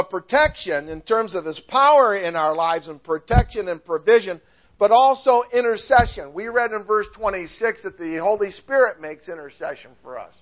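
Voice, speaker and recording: An older male preacher giving a sermon, lively and chuckling at his own stories. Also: high voice, highs cut off. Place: church.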